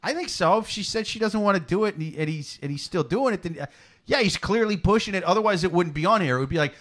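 A man hosting a comedy podcast, chatting casually and animatedly, swearing freely and slipping into loud mock voices. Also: sits high, animated, fast talker. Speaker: podcast host.

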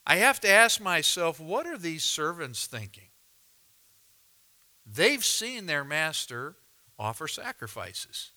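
A man preaching a sermon, reading scripture aloud and explaining it with deliberate, dramatic pauses. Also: on the high side, big pitch swings, bright, forceful tone. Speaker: pastor.

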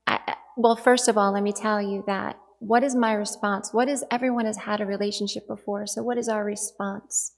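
Husky, gravelly woman giving a dharma talk. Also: medium pitch, fairly even intonation, a little fast, few pauses. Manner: earnest, reflective storytelling.

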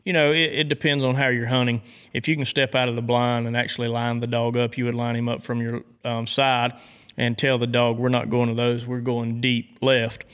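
A man from Georgia with a Southern accent, explaining dog training in a casual chat, measured and steady. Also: medium pitch, smooth. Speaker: dog trainer and duck hunter.

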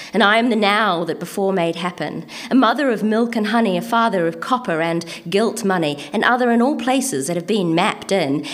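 A woman with an Antipodean accent performs her own spoken word poems at a middle pitch. Her delivery is rhythmic and measured, leaning on deliberate pauses. Between pieces she talks loosely and hesitantly. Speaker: poet reading her own work.

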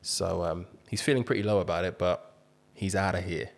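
Young male podcast host, low-pitched, casual storyteller. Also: normal speed, gravelly. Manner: animated storyteller, laughs through his own jokes. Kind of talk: casual chat.

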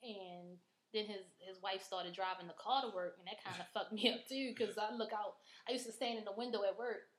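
A woman with a medium-pitched voice speaks a little fast as a podcast host, telling a personal story in casual chat. She's frank, animated and swears constantly. The recording has a roomy echo.

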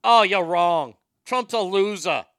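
A man voicing a dismissive young female radio board operator in a mocking, high-pitched tone. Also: slow pace, fairly bright tone, smooth, no echo, clean studio sound.

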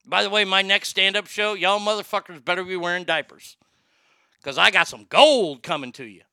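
A man hosting a crude comedic talk show, profane and excitable, laughing at his own jokes. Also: high-pitched, normal speed, vocal fry, no room sound, clean studio sound. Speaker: show host.

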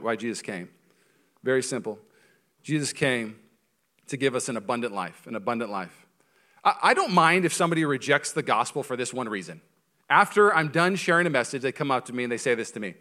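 A pastor in his thirties with a medium-pitched voice preaches conversationally, cracking jokes and swinging from quiet to loud.

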